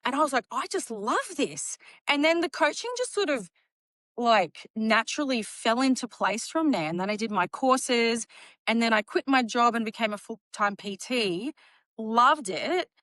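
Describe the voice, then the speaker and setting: An animated woman in her late thirties or older, telling her story on a podcast. Her voice sits a little high, and she acts out what people said to her with quick laughs. The sound is close and dry, with no room around it. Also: no room sound. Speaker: guest, bodybuilding champion.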